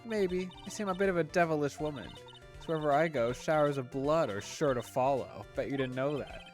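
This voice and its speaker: A man's voice: a little high, fairly quick, faint music behind, close to an everyday voice. A man doing a teasing young woman. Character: playful, mischievous young woman.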